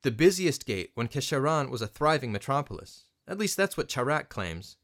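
A weathered middle-aged father, gruff and protective, with short, brusque lines, as an audiobook narrator puts him on. His voice sits at a middle pitch and moves with lively inflection. It sounds like a storybook reading. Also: normal speed. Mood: steady. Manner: brusque, terse.

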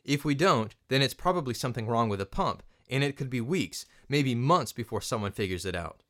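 A man voicing a gruff, weathered middle-aged father who speaks in brusque, terse lines. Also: mid-range voice, expressive, a little fast, a bit bright, lightly acted. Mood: wry.

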